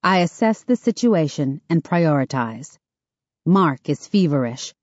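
A woman narrating a first-person audiobook in a steady, measured way. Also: sits low, dry recording. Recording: dull, dry studio recording.

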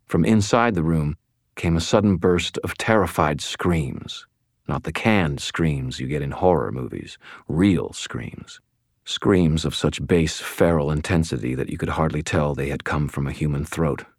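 Very deep-voiced male audiobook narrator. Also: a little slow, no echo, clean studio sound. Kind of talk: first-person audiobook narration.

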